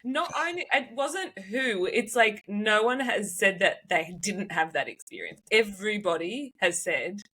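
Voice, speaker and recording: A woman hosts a relaxed podcast interview. She asks questions in an expressive, openly emotional way and keeps the talk moving. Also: medium pitch, a little slow, few pauses, breathy edge. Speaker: podcast host.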